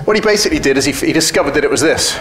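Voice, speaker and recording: Man speaker, slightly high voice, blunt, profane and joking, in an echoey hall with a faint hum behind him. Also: expressive, racing. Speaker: conference speaker. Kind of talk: casual conference talk. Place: conference hall.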